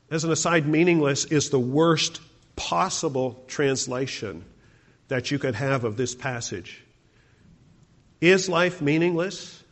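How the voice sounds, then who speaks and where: A man's voice: a little high, fairly bright tone. A male pastor preaching a sermon, asking the congregation rhetorical questions.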